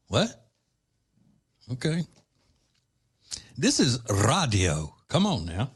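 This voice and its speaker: A man's voice: medium pitch, wildly swooping pitch, extremely slow, long pauses, husky. A man hosting a talk radio show from a studio, teasing and chuckling in a casual way.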